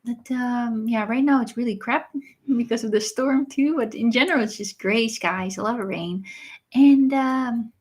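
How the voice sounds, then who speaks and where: A woman, hosting a casual livestream and answering viewers in a chatty way, often pausing with uh and um. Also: a little high, darkish tone, slightly rough. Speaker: livestream host reading viewer messages.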